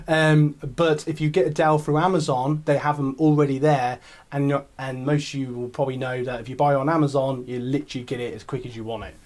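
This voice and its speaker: A man's voice: medium pitch, fairly even intonation, brisk, a little mellow. An English man hosting a casual live stream, chatting in a rambling way with many ums and restarts. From England. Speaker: YouTube channel host. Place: home streaming setup.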